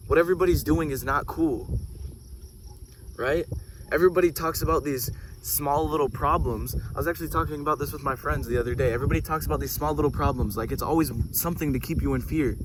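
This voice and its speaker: A man talking in a casual, preachy spiritual monologue, getting excited and swearing casually as he goes off on tangents. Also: fairly high pitch, noisy background. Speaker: host.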